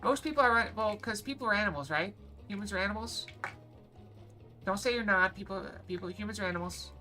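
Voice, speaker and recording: A woman chatting quickly and playfully to her live-stream viewers while gaming, sometimes reading game lines aloud. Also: medium pitch, bright, forceful tone, soft background music. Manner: fast-talking, bubbly, apologizes for talking too fast; reads game dialogue aloud.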